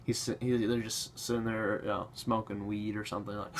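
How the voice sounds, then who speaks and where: A man's voice: fairly low pitch, level tone, brisk, very noisy. Sarcastic ranting male vlogger. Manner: sarcastic, laughing between points. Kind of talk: ranting commentary.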